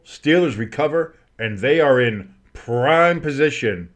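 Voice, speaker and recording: A man hosting a fan stream, calling football play-by-play with crude asides and loud bursts on big plays. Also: medium pitch, measured pace, few pauses. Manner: excitable, crude jokes, shouts on big plays. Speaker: play-by-play host.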